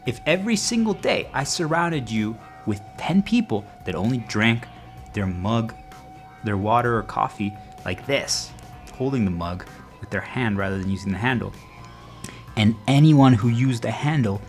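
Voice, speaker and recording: Speaking at a moderate pace over soft background music, a man delivers an animated motivational talk to his viewers. He's earnest, keeps checking that the audience follows along, and acts out quoted voices with sudden jumps in pitch.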